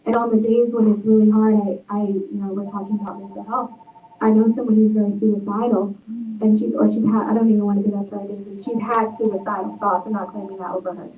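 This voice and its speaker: A woman's voice: mid-range voice, level tone, fast talker. A woman author speaking at a book talk, telling stories earnestly and reflectively. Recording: tinny, echoey, far from mic.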